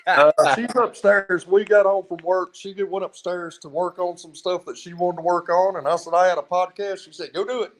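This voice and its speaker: A man with a slightly raised voice tells long, rambling stories as a podcast guest, circling back and restarting his sentences as he goes. His tone stays conversational and unhurried. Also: high voice, steady tone, low-quality recording. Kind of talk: casual storytelling.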